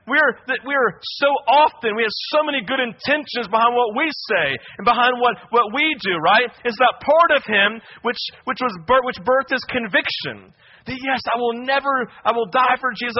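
A young male pastor preaches in an animated, storytelling way and keeps checking in with his listeners. His voice sits high for a man. The recording sounds dull and lo-fi. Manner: animated storytelling with asides like "right?". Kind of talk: sermon. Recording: dull lo-fi audio.

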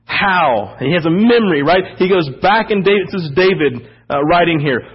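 A man's voice: high voice, expressive, moderate pace, slightly rough, lo-fi sound. A male pastor preaching a sermon, reading scripture aloud and explaining it with emphatic rhetorical questions.

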